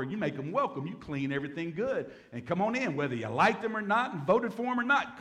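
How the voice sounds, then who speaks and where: A man's voice: a little high, sing-song, a little fast, few pauses, a bit bright. A man, a pastor preaching a Bible-teaching sermon in a folksy way, with humorous asides.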